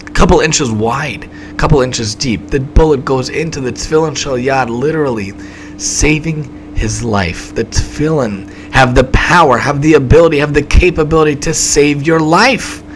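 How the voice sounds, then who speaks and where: A man's voice: mid-range voice, poor audio. A man preaching a story-driven sermon, emphatic and repetitive, with dramatic swings in delivery.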